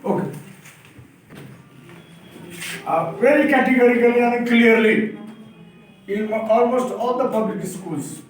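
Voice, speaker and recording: A man's voice: sits high, lively intonation, takes it slowly, long pauses. A man with an Indian English accent lecturing teachers at a workshop, emphatic and asking the room questions. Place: classroom or hall. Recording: very echoey room, distant mic, faint noise.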